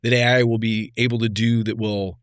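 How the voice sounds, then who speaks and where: Reflective man with a lowish voice. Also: little pitch movement, brisk, smooth, no room sound, studio quality. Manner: reflective storytelling, trails off softly. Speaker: podcast guest. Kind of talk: casual conversation.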